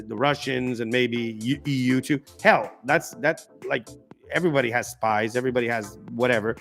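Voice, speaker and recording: A man's voice: medium pitch, fairly bright tone. A man hosting a live political stream, giving emphatic, ranting commentary full of restarts.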